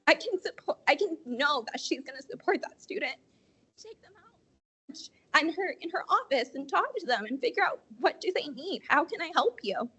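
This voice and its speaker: A young woman teacher speaks at a school board meeting. Her voice is high and rises and falls a lot. She sounds emotional, and her voice catches now and then. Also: sharp tone, poor audio. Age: 20s. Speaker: teacher giving public comment. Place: meeting hall.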